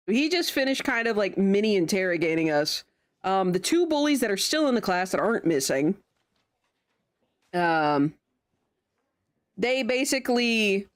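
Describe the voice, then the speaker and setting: A woman's voice: mid-range voice, animated, a little slow, long pauses. A young woman streaming a game, chatting casually and laughing often as she comments on the story. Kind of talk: casual let's-play commentary.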